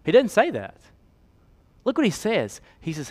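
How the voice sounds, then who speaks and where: A man preaching a sermon as pastor, swinging from hushed, slow emphasis to loud, fast pleading. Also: high voice, huge pitch swings.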